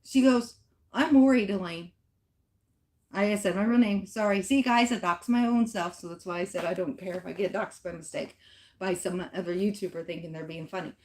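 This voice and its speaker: A woman's voice: fairly low pitch, fairly even intonation, brisk. A middle-aged woman, a fitness vlogger, telling a personal story in casual chat and speaking straight to her viewers with emphasis. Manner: emphatic, addresses viewers directly.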